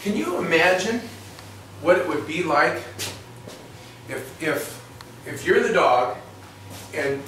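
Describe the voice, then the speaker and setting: He speaks slowly and pauses often, with a fairly high, slightly bright, expressive voice. The man is a veterinarian giving an instructional demonstration in a clinic exam room, folksy and rambling with many restarts. The audio sounds roomy and distant, with a little noise.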